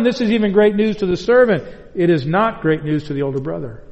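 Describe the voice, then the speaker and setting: A man preaching a sermon as pastor, earnest and deliberate, stressing his points through repetition. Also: high-pitched, expressive, darkish tone, dull audio. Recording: long hall reverb.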